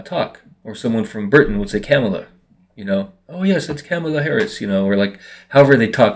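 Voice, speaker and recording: A man from Washington State, talking casually to the camera in a rambling monologue full of fillers, sometimes mimicking other people's voices. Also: on the low side. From Washington State, United States. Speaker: vlogger.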